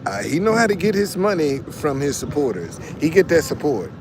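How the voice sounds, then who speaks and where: A man's voice: on the high side, big pitch swings, a little fast, background noise. A man giving casual, preachy motivational talk, repeating phrases and restarting often, and answering viewers as he goes. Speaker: online commentator.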